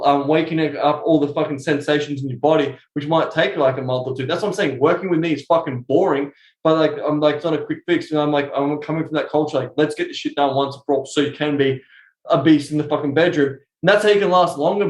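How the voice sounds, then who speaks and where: A man speaking as a coach on a casual podcast interview over a remote call, blunt and animated, swearing constantly. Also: on the high side, roomy sound, low-quality recording.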